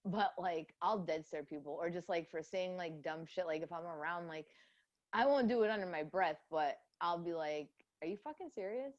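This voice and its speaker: Young woman co-host, lower voice, blunt and sweary, frequent laughter, muffled sound. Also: moderate pace. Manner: blunt, profane, laughs often. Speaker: podcast co-host. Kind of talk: casual chat.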